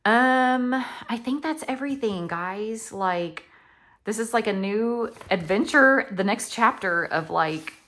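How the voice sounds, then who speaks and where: A woman's voice: fairly high pitch, expressive, slow pace, a bit bright. A woman, chatting casually as a craft vlogger, gushing and rambling with lots of likes and ums. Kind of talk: casual chatty flip-through.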